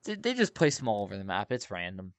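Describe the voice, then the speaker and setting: A man's voice: fairly low pitch, wildly swooping pitch, fast, no echo. Guy just chatting on a podcast, easygoing storyteller, dead dry audio. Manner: laid-back storytelling with frequent fillers. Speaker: podcast host. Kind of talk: casual chat, telling anecdotes.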